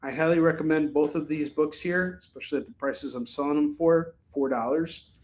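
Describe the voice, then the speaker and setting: A fairly high-voiced man keeps up a chatty, upbeat patter as he hosts a live online sale. He reads items and prices off one after another in a casual, friendly flow. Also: fairly even intonation, brisk, darkish tone. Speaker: live shopping show host. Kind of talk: casual live-stream selling.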